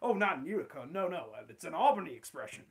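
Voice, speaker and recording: Guy doing a nervous stammery cartoon principal, high and bright, voice jumps all over. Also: big pitch swings, fast talker, gravelly. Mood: flustered. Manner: nervous, stammering, excuse-making. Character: flustered fussy male school principal, cartoon.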